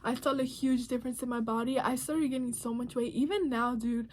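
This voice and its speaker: Young woman vlogger, high and profane. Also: fairly even intonation, a little fast, noisy background. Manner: blunt, profane, slangy, emotional. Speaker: beauty vlogger. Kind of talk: casual confessional vlog.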